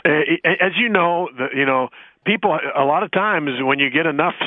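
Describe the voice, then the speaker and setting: A man calling in to a radio show on a phone line, talking in a hesitant, halting way and laughing easily. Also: a little high, dry recording. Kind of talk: casual radio talk.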